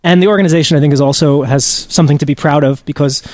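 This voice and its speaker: A man's voice: on the high side, fairly even intonation, fast, a little mellow. A man being interviewed as a journalism trainer, telling a story earnestly with frequent restarts.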